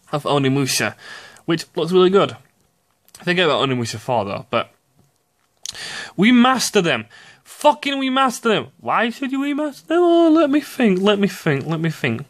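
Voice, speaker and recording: A young man giving profane, ranting commentary on video games, excitable and quick to burst out shouting. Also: sits high. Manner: excitable, swears often, sudden shouty outbursts. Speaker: gaming commentator.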